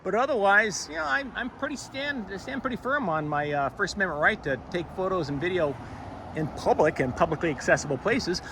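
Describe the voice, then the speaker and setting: A man doing on-camera commentary while filming in public, sarcastic and wry, halting with many fillers. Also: high-pitched, expressive. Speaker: first amendment auditor filming in public. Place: public sidewalk outdoors. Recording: outdoor street noise. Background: street and traffic noise.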